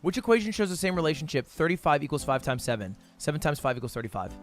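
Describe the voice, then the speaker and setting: A young man streaming himself solving math drills, reading questions aloud fast, muttering counts and shouting in frustration. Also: a little high, expressive, faint music behind. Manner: frustrated outbursts, reads questions aloud fast, counts under his breath. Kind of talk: live-stream commentary while solving math problems.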